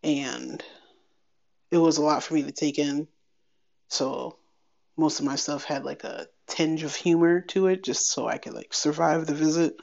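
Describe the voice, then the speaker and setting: Chatty woman with a gravelly voice. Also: sits low, a little slow. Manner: chatty, wry, quoting others in animated bursts. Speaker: podcast host. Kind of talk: candid personal update. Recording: slightly dull lo-fi sound.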